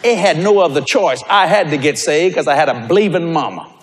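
A man preaching a sermon, telling stories with animated delivery and bursts of shouting. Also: on the high side, fairly quick. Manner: animated storytelling, breaks into shouts.

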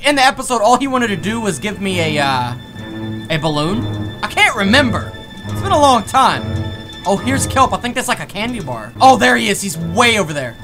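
A young man commentating a horror game let's play, excitable and jumpy, rambling through self-corrected asides and yelping when startled. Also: very high-pitched. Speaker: gaming YouTuber.

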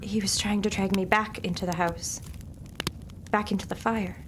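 A frightened recluse, voiced by an actress, in an audio drama, answering in halting, evasive bits. Her mid-pitched voice wavers as she avoids the questions. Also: steady tone, background noise, lightly acted. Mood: hesitant. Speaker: patient being questioned.

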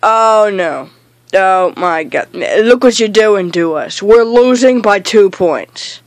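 Exasperated woman shouting gaming orders. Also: medium pitch, lively intonation, takes it slowly, dry recording. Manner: exasperated, bossy, shouts while insisting she isn't yelling. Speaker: gamer in a comedy skit. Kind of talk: comedic gaming rant.

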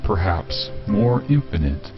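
A man narrating like a documentary in slow, deliberate, carefully accentuated words, his voice pitched down and given a delay effect. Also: very animated, exaggerated voice. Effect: pitched down with multi-tap delay and bass boost. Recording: dull lo-fi voice over loud music.

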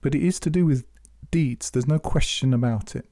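A man giving measured, earnest spoken commentary on scripture, exhorting his listeners. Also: mid-range voice, dark tone, no room sound, clean studio sound. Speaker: Quran commentator.

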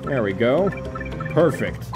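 A man streams a video game and comments in a laid-back, casual way, swearing now and then. His pitch moves freely while his pace stays slow. Faint game music plays behind him. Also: sing-song.

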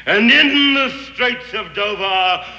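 Fanatical English zealot. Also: male voice, high-pitched, animated, slow pace, bright, forceful tone, exaggerated voice. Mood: ominous. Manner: grandiloquent, theatrical prophesying. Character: fanatical Englishman guarding a sun god's gold. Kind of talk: 1960s TV western acting. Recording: echoey, roomy, slightly dull old TV audio.

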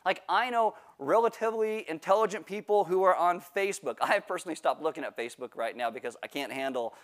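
High-voiced man preaching with humor. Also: quick pace. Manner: joking, self-mocking storyteller. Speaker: pastor. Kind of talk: sermon with humorous personal story. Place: church livestream.

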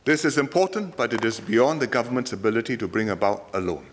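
A man from Singapore with a Singaporean English accent, giving a speech in a parliament chamber in measured, emphatic short phrases. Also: mid-range voice, slight background noise. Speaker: politician.

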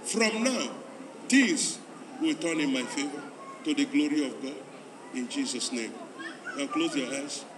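High-voiced pastor urging in an echoing hall. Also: male voice, animated, unhurried, long pauses. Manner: repetitive, urging, rising to loud pleading calls. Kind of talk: altar call and led prayer. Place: large church hall at a convention. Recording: echoey hall, distant mic, crowd noise.

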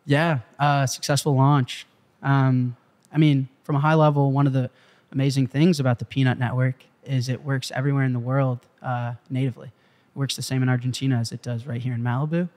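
A man as an interview guest, telling a story with excitable, profane emphasis in a casual way. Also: mid-range voice, brisk. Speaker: interview guest, company CEO. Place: Malibu.

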